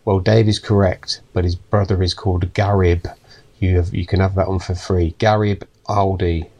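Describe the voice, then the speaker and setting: A man's voice: sits low, little pitch movement, normal speed, a little mellow, muffled recording. A man co-hosting a podcast in easygoing casual chat, reading listener emails aloud. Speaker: podcast co-host.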